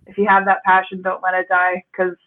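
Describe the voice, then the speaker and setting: A woman's voice: lowish voice, completely flat delivery, a little fast. A woman guest in a casual podcast chat, talking loosely with fillers and laughing along. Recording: tinny phone-like line.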